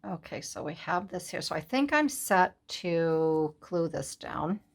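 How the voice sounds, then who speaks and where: A woman's voice: fairly low pitch, expressive, a little slow. A woman hosting a collage craft video, chatting casually and telling stories while she works. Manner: chatty, storytelling, laughs easily.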